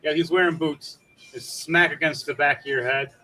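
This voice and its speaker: A man's voice: on the high side, steady tone, normal speed, bright, forceful tone, slight background noise. A man running a tabletop game as game master, rambling and laughing, with many fillers.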